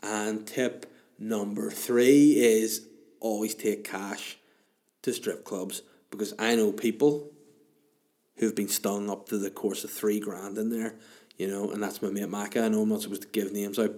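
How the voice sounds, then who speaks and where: A man's voice: on the low side, flat delivery, measured pace, dark tone. A man, hosting a casual chat show and answering listener questions in a rambling, crude, self-mocking way.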